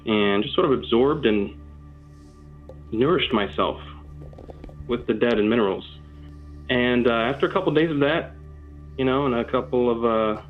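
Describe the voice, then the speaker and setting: A man co-hosting a stream, chatting in a mock-earnest, rambling way with lots of fillers. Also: mid-range voice. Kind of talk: casual joking chat. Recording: tinny phone-like line with faint music.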